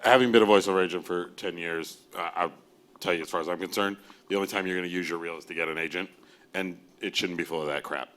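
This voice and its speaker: A man who works as a voiceover agent, speaking bluntly on a panel and telling lively stories. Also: low voice, fast talker. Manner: blunt, animated storyteller with mimicry. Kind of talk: panel discussion.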